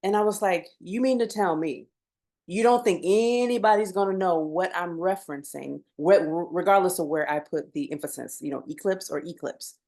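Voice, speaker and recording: A woman co-hosting a podcast, talking through a pet peeve in an unhurried, thoughtful way with laughing asides. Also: fairly low pitch, darkish tone. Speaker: podcast co-host. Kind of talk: casual chat.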